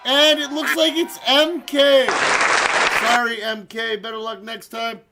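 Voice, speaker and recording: A man's voice: very high voice, little pitch movement, a little slow. A man hosting a live stream, playfully announcing players as they drop out of a game, often laughing. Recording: loud crowd and noise behind.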